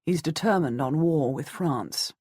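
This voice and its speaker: A woman reading an audiobook, voicing a blunt, matter-of-fact middle-aged nobleman, the heroine's husband, with a husky voice. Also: low voice, a little slow, dark tone, dry recording, studio quality.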